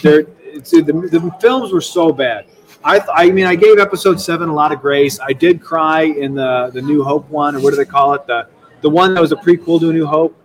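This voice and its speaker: A young man speaking as a guest in a casual interview. He talks in a rambling, animated way, restarting often. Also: a little high, far from the mic, poor audio. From United States. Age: young adult. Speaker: state legislator guest.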